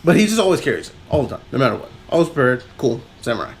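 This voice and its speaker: A man's voice: mid-range voice, big pitch swings, very fast, slight background noise. A man co-hosting a podcast, rambling through a film recap in casual chat and laughing often. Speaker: podcast co-host.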